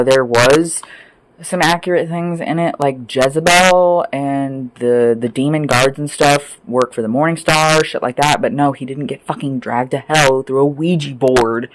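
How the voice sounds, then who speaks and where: A man ranting off the cuff as a vlogger, angry and sweary, rambling between loud outbursts and low mutters. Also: a little hiss or hum, low-quality recording. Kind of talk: profane off-the-cuff rant.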